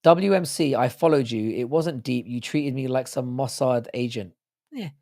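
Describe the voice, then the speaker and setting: Reading viewer comments aloud during a casual livestream, this man from the United Kingdom jokes crudely with his audience; he's an adult with a child. A sore throat leaves his ordinary mid-pitched voice raspy and hoarse, with a slightly mellow quality, and he speaks at a normal speed.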